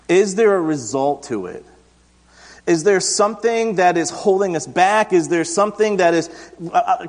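A man in his thirties preaching an interactive sermon, asking the congregation questions and telling self-deprecating stories in a conversational way. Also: high-pitched. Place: church sanctuary. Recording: long church reverb.

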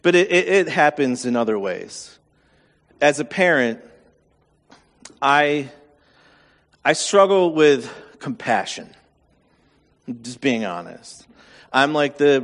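A man's voice: medium pitch, sing-song, slow, long pauses, a bit bright, in a large hall. A man preaching a sermon as pastor, candid and self-deprecating in a conversational way.

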